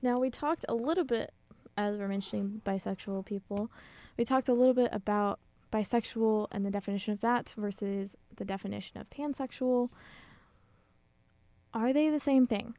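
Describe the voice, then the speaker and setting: A young woman hosting a casual podcast, gently asking questions and explaining terms for listeners. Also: on the high side, moderate pace, no room sound. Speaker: podcast host. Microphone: studio microphone.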